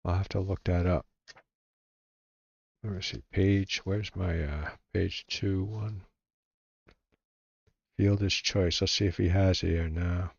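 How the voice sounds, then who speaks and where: A man playing a solo tabletop baseball game, reading out dice rolls and calling the plays in a relaxed, halting way, muttering to himself as he looks things up. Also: sits low, vocal fry, slightly rough, dry recording, highs cut off. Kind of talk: casual play-by-play while rolling dice.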